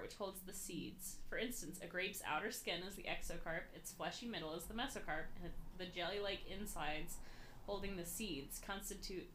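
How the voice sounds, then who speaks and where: A woman's voice: fairly low pitch, fairly bright tone, slight background noise. A young woman co-hosting a casual podcast, giggling and stumbling over words as she reads an article aloud. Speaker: podcast co-host.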